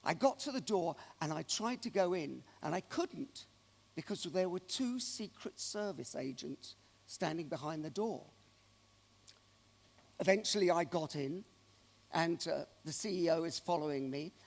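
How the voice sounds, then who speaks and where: In a large conference hall with long reverb, a man gives a keynote full of animated anecdotes. His voice is a little high and creaky, and he speaks a little slowly.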